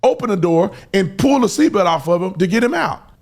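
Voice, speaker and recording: A man's voice: sits high, lively intonation, fairly quick, a little mellow. A man commenting on a clip, describing what happens in plain, casual speech.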